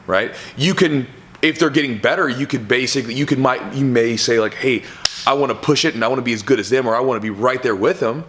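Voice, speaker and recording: A man coaching jiu-jitsu talks straight to the camera in a relaxed, rambling way. He fills his sentences with "like" and "you know" and checks in with "right?" His voice sits at an ordinary middle pitch. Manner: loose and conversational, with many fillers and "right?". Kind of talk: casual advice talk to camera.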